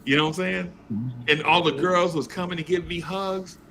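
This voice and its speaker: Gravelly animated man telling stories. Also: high-pitched, normal speed, a little hiss or hum. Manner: animated storyteller, acts out voices. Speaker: podcast host. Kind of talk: casual sports talk.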